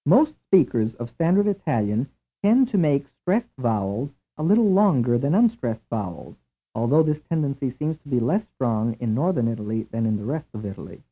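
A man giving a scripted language lesson in a measured, clear, deliberate drill delivery. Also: medium pitch, very animated. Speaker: language instructor. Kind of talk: scripted instructional narration. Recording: tinny, lo-fi old tape recording.

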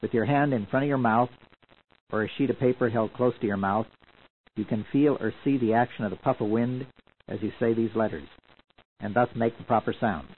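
Guy narrating a language lesson tape, calm explaining tone, tinny old recording. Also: mid-range voice, a little hiss or hum. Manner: measured, explanatory. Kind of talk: scripted instructional narration.

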